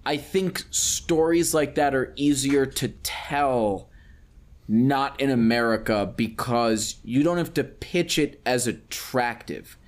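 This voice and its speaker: A man's voice: mid-range voice, slow pace. A man co-hosting a podcast who speaks thoughtfully and steers the conversation. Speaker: podcast co-host. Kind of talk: casual podcast discussion.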